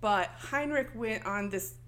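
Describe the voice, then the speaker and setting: A woman's voice: fairly high pitch, measured pace, a bit bright, slight background noise. A woman co-hosting a casual chat, animatedly retelling a story and acting out the characters' lines. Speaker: podcast co-host recapping a film.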